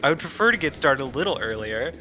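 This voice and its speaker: A man watching a friend play a video game, teasing him bluntly with quick jabs. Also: mid-range voice, very animated, sharp tone, soft background music. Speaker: gameplay co-commentator. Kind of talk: casual chat watching gameplay.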